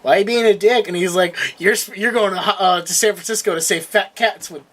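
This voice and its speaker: Young male co-host, high bright voice, eager, laughs a lot, acts out quotes. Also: fairly quick. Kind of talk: casual review chat.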